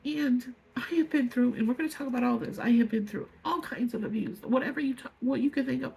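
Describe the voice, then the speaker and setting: A woman in her fifties speaking to viewers in an emotional personal vlog, angry and tearful, halting as she pours out her feelings. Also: fairly high pitch, warm tone, a little hiss or hum, rough recording. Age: 50s. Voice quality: gravelly, very husky voice. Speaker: vlogger.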